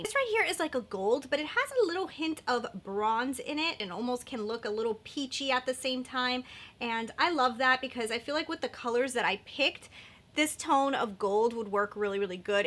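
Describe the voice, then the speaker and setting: A woman's voice: high-pitched, pushed and bright. A woman beauty vlogger chatting casually and gushing about eyeshadow shades, with lots of filler words. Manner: gushing, enthusiastic, many fillers like "like" and "oh my God". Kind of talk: casual makeup product chat.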